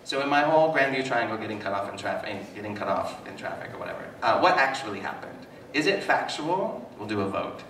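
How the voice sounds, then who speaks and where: A man giving a live talk as a psychotherapist, telling stories with animated, self-mocking humor to an audience. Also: on the low side, brisk, few pauses. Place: hall with an audience. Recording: echoey hall, mic at a distance, noisy.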